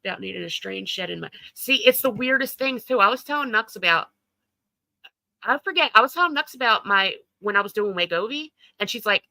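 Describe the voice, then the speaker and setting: A woman's voice: medium pitch, expressive, moderate pace, creaky, bright, forceful tone, no room sound, poor audio. A woman hosting a casual livestream chat, talking loosely, laughing often and swearing freely. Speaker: livestream host.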